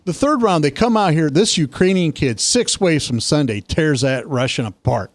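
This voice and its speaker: A man co-hosting a casual political talk show, telling stories with lively emphasis. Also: no room sound. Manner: animated storytelling, quick pitch jumps. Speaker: co-host.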